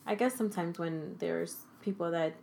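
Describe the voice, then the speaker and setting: A young woman speaking as a podcast guest, talking casually with many fillers and pauses. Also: on the low side, creaky, a little mellow. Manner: hesitant, many fillers, laughs easily. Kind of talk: casual conversation.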